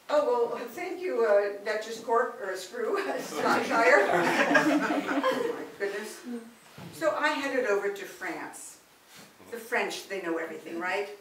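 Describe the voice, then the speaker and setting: A woman performing solo comic storytelling, hesitant, with many pauses and fillers. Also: fairly high pitch, animated, background noise. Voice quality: hesitant, lots of uhs. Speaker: comedian. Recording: echoey room, distant mic.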